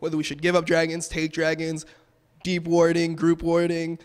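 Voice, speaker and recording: A young man, a pro gamer, talking casually and quickly in a post-match interview, with lots of "um" and "like". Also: fairly high pitch, completely flat delivery, clean tone, in a large hall. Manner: fast, casual, filler-heavy.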